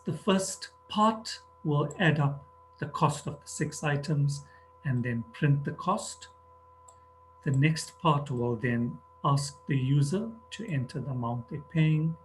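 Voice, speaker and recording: A man's voice: a little high, slight background noise. A man teaching a programming lesson, talking methodically through each step as he types. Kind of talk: screen-recorded coding tutorial. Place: at a computer, narrating over a screen recording.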